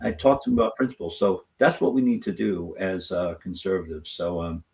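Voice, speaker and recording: A man's voice: deep voice, steady tone, a little fast, gravelly, a little mellow, rough recording. A man talking as a guest on a political talk show, passionate and rambling as he makes his case. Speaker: conservative activist and guest.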